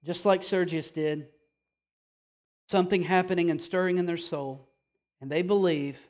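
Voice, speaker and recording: A man preaching a sermon as pastor, with casual asides and rhetorical questions, swinging from loud emphasis to slow, quiet passages. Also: high-pitched, fairly even intonation.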